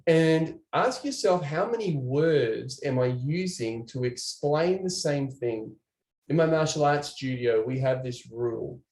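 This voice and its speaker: A man with a fairly high voice gives a lively online training talk. He speaks in a chatty, animated way to his viewers. The sound carries a noticeable room echo. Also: measured pace. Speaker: presenter.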